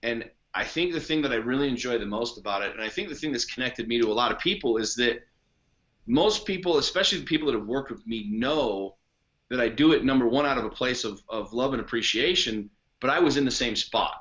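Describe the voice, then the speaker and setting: A blunt, foul-mouthed man speaks as a podcast guest, hammering his points home. His voice is bright and forceful. The audio is dull and lo-fi. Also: mid-range voice, expressive, brisk. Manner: blunt, profane, emphatic. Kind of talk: casual conversation.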